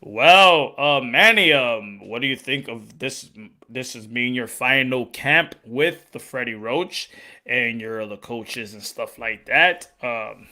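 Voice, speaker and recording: A man voicing a stiff male boxing interviewer who speaks in an awkward, halting way and keeps repeating himself. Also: medium pitch, lively intonation, sharp tone, heavily acted. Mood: stilted.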